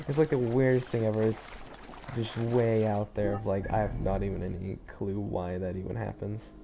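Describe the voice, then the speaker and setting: American male gamer host, low, gravel-edged voice, loose rambling commentary. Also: steady tone, moderate pace, background noise. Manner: rambling, chatty, self-interrupting. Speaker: gaming channel host. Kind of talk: casual let's-play commentary. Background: game music.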